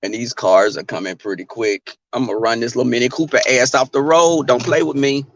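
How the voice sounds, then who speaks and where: A man's voice: mid-range voice, fairly even intonation, fairly quick, highs cut off. A man vlogging while driving, chatting sassily and directly to his viewers on a casual livestream. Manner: chatty, sassy, talks straight to viewers. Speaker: YouTuber.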